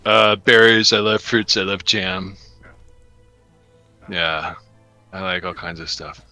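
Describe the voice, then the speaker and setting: Man, host, casual gaming chat, bright voice, jokey, laughs a lot. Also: deep voice, takes it slowly, no echo, faint music behind. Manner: chatty, laughs often, jokey. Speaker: podcast host and co-player.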